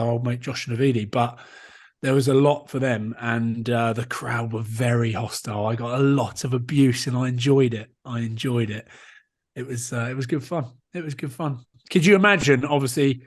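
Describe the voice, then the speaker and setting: A man in his thirties, a rugby player co-hosting a podcast, telling jokey self-mocking stories in casual chat. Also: medium pitch.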